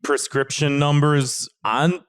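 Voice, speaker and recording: A man's voice: a little high, steady tone, slow pace, smooth, no echo, clean studio sound. A man co-hosting a comedy podcast in casual chat, explaining things in a matter-of-fact way and moving the show on to its next segment. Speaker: podcast co-host. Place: podcast studio.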